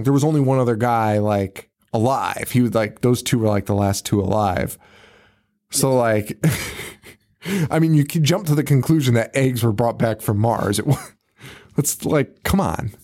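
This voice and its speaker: Animated laughing man recapping a movie. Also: medium pitch. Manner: laughs often, swears, acts out characters in quick voices. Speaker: podcast co-host. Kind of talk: casual movie recap chat.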